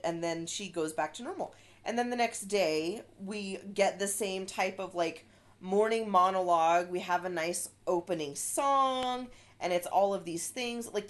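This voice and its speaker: Woman co-host chatting animatedly. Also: on the low side. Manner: animated retelling of scenes, many fillers. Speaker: podcast co-host. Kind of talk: casual chat.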